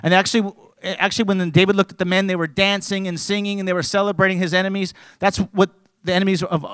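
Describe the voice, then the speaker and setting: A pastor preaching a sermon, rising to loud emphatic peaks and dropping low, often restarting his words. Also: level tone, fast, smooth, no echo.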